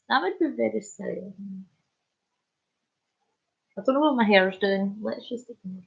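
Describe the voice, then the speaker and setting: A woman's voice: medium pitch, expressive, moderate pace, vocal fry, long pauses, breathy edge, highs cut off. A woman hosting a casual live stream, chatting and joking as she reads viewer comments. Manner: chatty, jokey, punning, laughs often. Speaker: livestream host.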